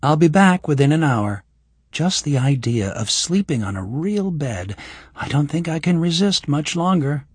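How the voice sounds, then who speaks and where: A man voicing a frank, wry young woman healer in an audiobook, his voice lifted higher for her. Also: unhurried, slightly rough, no room sound, heavily acted. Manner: raised voice for a woman, expressive.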